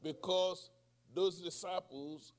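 Older male preacher, high voice, slow deliberate delivery, rhetorical questions, cries out to God. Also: steady tone. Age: 60s. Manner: call-and-response questions, cries out in prayer. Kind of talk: sermon.

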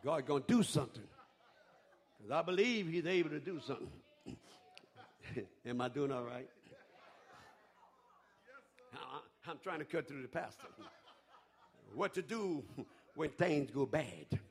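A man preaching a fervent sermon, rising to shouts and chuckling between lines. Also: fairly high pitch, animated, measured pace, long pauses. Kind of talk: call-and-response sermon.

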